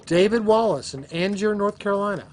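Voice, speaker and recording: A man's voice: sits high, a little fast. Joking man hosting a live show. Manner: joking, reads out viewers' names and towns. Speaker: host.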